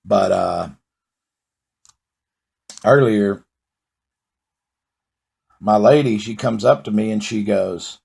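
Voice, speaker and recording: A man's voice: lowish voice, slow, creaky, long pauses, darkish tone, slightly rough. A man delivering a rambling, profane comedic monologue in a laid-back storytelling way. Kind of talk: stand-up style comedic monologue.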